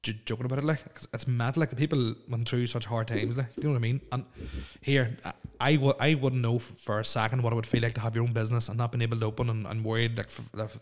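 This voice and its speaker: Alone in a house, a man hosts a solo podcast, chatting casually and rambling, stammering, and restarting with frequent fillers. His medium-pitched voice keeps a steady tone, and he talks fast with few pauses.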